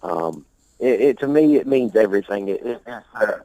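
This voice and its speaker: A man's voice: fairly low pitch, expressive, normal speed, warm tone, dry recording, rough recording. A man being interviewed about his music, talking in a loose, rambling, profane way, often repeating himself and laughing. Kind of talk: casual interview talk.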